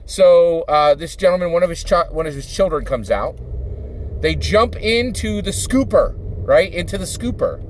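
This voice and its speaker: A man's voice: high voice, animated, normal speed, a little hiss or hum. Rambling man from Philadelphia. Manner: rambling, with many fillers and repeated tags of "right?". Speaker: YouTuber and dungeon master. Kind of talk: casual spoken monologue.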